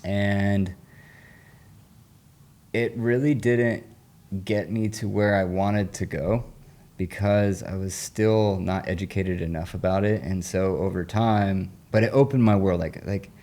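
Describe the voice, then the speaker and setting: A man's voice: fairly low pitch, fairly even intonation, takes it slowly, mellow. A man, a recovery coach on an interview show, telling a personal story in an earnest, rambling, casual way with lots of slang.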